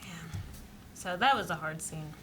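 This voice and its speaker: A woman co-hosting a casual reaction chat, thoughtful and measured, laughing easily. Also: fairly low pitch, animated, sharp tone, slight background noise, rough recording. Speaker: co-host reacting to a TV episode.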